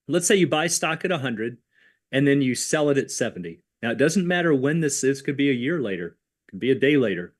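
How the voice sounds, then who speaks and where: A man co-hosting a livestreamed options lesson, explaining tax rules in a conversational way with worked examples. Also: mid-range voice. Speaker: options educator co-host.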